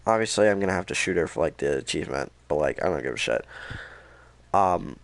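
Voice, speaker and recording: A young man casually recapping a video game, energetic and rambling, with lots of swearing. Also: extremely low pitch, quick pace, gravelly, no echo. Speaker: gaming video host.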